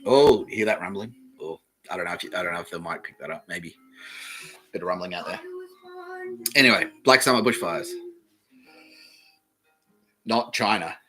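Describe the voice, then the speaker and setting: A man's voice: low-pitched, moderate pace, pauses often, pushed and bright, soft background music, poor audio. A man with an Australian accent hosting a comedy podcast, rambling through a jokey monologue, swearing often and laughing at his own jokes. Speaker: podcast host.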